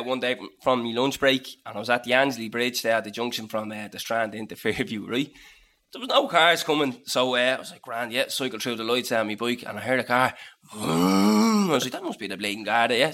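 A man in his late twenties with a Dublin accent, co-hosting a podcast and telling a story in casual, animated chat, swearing and acting out the people in it. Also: mid-range voice, fairly quick. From Dublin, Ireland. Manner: animated, swearing, acts out voices in anecdotes.

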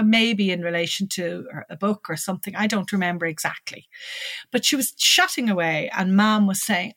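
Older woman, Irish accent, personal storytelling, animated, interview. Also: fairly low pitch, no room sound. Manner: animated, lively when recalling dialogue.

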